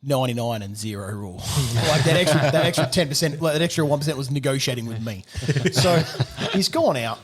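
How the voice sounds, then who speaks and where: A middle-aged man, a gunsmith telling a story on a podcast, animated, swearing and laughing often. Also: mid-range voice, brisk, few pauses, breathy edge. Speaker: gunsmith guest.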